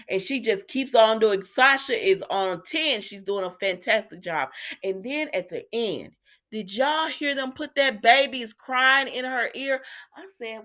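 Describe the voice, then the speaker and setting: A woman's voice: mid-range voice, lively intonation, moderate pace, a bit bright. Woman in her forties doing a soap recap, chatty and slangy, talks right at the viewers. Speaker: soap opera recap host.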